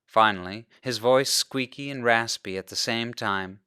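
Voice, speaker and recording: A male pastor reading a children's storybook aloud, narrating in an expressive way. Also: medium pitch, a little slow, smooth, no room sound, clean studio sound.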